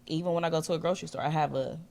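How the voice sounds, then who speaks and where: A woman's voice: sits low, fairly even intonation, rapid-fire, gravelly, a little mellow, a little hiss or hum. A woman who is a guest on a panel, chatting casually and chiming in with her own experience.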